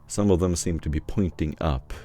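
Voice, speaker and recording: Very deep-voiced man as game master. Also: warm tone. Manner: descriptive, unhurried scene-setting with fillers. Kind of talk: narrating a tabletop game.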